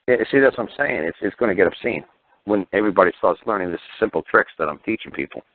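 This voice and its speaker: A man's voice: deep voice, expressive, fast talker, no room sound. A man hosting a talk radio show, speaking bluntly and heatedly with profanity and stammering restarts. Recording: tinny phone-line radio audio.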